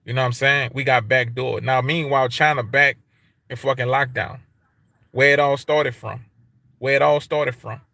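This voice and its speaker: Ranting on his livestream, a man with an African American English accent swears heavily, uses street slang, and repeats points emphatically. He speaks at a moderate pace in a medium-pitched, creaky, sharp voice with fairly even intonation, recorded with no room sound.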